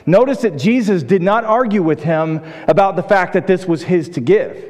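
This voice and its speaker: A man preaching a sermon in a relaxed, conversational way, with a voice pitched a little high for a man. He tells stories with frequent restarts, and his voice rings with a long reverb as if in a large church hall. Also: moderate pace, hardly any pauses. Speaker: pastor.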